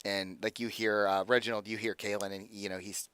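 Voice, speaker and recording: A man narrating as game master, loose and hesitant with many pauses. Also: on the low side, level tone, a bit bright, smooth, no room sound.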